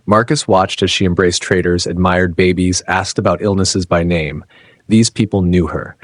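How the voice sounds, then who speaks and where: A male narrator reads a dramatic story in measured, clipped phrases. His voice is very low with a husky edge, and the recording is close and dry. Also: fairly even intonation, no room sound.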